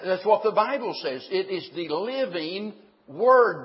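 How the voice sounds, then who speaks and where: A man's voice: high-pitched, lively intonation, takes it slowly, long reverb tail, lo-fi sound. A man preaching a sermon, emphatic, putting questions to the congregation and answering them himself.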